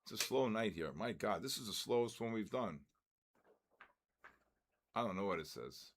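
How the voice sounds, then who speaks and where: A man's voice: on the low side, lively intonation, normal speed, long pauses. Older man calling out names on a live stream. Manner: auctioneer-style calls, loud shouts of "next". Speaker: trading stream host.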